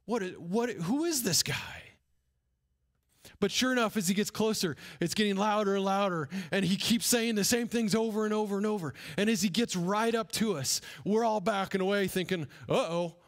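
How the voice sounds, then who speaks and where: A pastor, a man with a slightly raised pitch, retells a scene as if he lived it. He tells it with drama and drops to a hushed whisper at the tense moments. This is a storytelling sermon delivered from the pulpit. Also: moderate pace.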